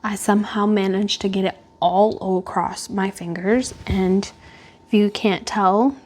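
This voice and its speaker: Home vlogger, woman; unhurried, chatty and rambling, lots of fillers. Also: mid-range voice, fairly even intonation, darkish tone. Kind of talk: casual chat. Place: at home indoors by a glass door.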